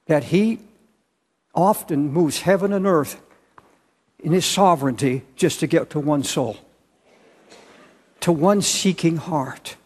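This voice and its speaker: An older man preaches in a large church auditorium, his slightly high voice carried on a long hall reverb. He speaks earnestly, stumbling and restarting at times, then pressing hard on his key words. It is a heartfelt sermon rather than a polished performance. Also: husky. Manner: earnest, halting with restarts, rising to loud emphasis. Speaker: pastor.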